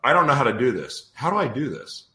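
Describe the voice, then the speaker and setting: A man's voice: medium pitch, very animated, quick pace, bright, forceful tone, reverberant. A man hosting a podcast in a casual live-stream chat, exasperated and ranting over technical trouble. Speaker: podcast host.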